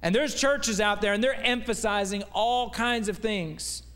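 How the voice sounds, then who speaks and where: A man's voice: high voice, unhurried, fairly bright tone, big-room sound. A man preaching as a guest preacher, delivering a folksy, conversational sermon full of rhetorical questions. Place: church sanctuary.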